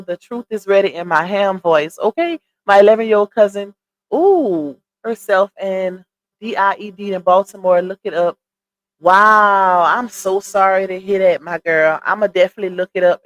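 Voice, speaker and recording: A woman hosting a casual livestream, chatty and greeting her viewers by name, a little winded from a cold. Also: medium pitch. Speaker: livestream gossip host. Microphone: computer streaming setup.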